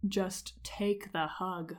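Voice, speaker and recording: A woman doing a reserved, socially awkward young prince. He speaks in short lines with a lower, subdued voice and a dry edge. It sounds like a slow storybook reading. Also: steady tone.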